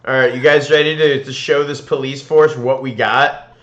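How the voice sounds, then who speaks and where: A man doing casual gameplay commentary, playful and laughing, with halting restarts. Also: mid-range voice, steady tone, fairly bright tone, roomy sound, lo-fi sound. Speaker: co-host playing a game.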